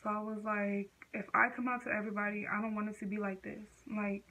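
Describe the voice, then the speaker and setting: A woman's voice: medium pitch, little pitch movement, fast, bright, forceful tone, highs cut off. A teenage girl vlogger telling a personal story in casual, slangy speech full of fillers.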